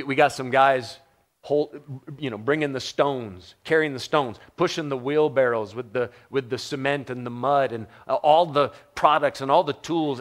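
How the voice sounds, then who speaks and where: A man's voice: medium pitch, fairly bright tone. A middle-aged man from the United States preaching a sermon in a conversational, joking way, often putting questions to the congregation. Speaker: pastor.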